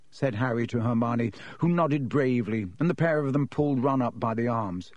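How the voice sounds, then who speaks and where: Male audiobook narrator, expressive, dry close recording. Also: mid-range voice, a little fast, hardly any pauses, dry recording. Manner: reads expressively, voices each character.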